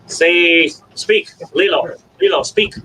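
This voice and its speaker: A man hosting a casual stream and giving his dogs coaxing commands, jumping to high sing-song calls. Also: takes it slowly, sharp tone. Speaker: stream host. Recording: distant from the mic. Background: dogs, faint room noise.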